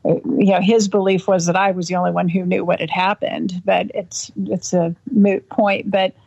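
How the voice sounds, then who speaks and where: A woman interviewed about a childhood memory, talking in halting bursts with many restarts and acting out the voices she quotes. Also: medium pitch, little pitch movement, vocal fry, darkish tone. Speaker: interview guest. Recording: dull lo-fi audio.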